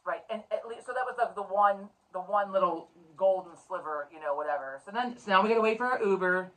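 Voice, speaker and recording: A woman's voice: medium pitch, brisk. A woman co-hosting a podcast, telling a long story in casual chat, frank and swearing freely with many restarts. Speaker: podcast co-host.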